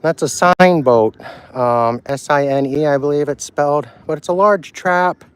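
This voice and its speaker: A man's voice: a little high, unhurried, clear, resonant tone. A man on a casual live stream, talking loosely and swearing freely while he walks an outdoor harbor dock, filmed on a handheld phone. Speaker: vlogger walking a harbor.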